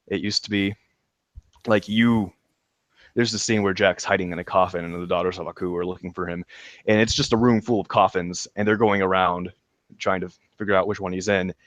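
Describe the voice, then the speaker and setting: A man with a fairly low voice eagerly recaps a show in casual podcast chat. He laughs often and trips over his words with ums and restarts. The sound is dry and close, with no room around it. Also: fairly even intonation, moderate pace, no echo. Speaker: podcast co-host reviewing a show.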